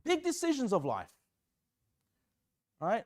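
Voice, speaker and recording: A man's voice: high-pitched, big pitch swings, moderate pace. A man preaching a sermon as pastor, earnest and self-deprecating, acting out prayers aloud.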